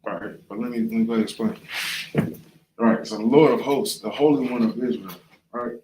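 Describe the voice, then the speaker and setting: A man's voice: mid-range voice, brisk, background noise. Conversational man in an echoey room. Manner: conversational, often asks "right?" and "you know what I'm saying?". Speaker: class leader. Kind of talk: casual bible class.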